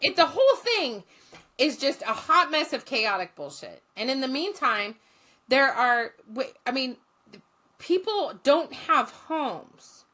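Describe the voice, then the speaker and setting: A woman's voice: high voice, sing-song, slow, pushed and bright. A woman guest, a former social work teacher, telling stories in a blunt, profane and passionate way. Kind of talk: storytelling in conversation.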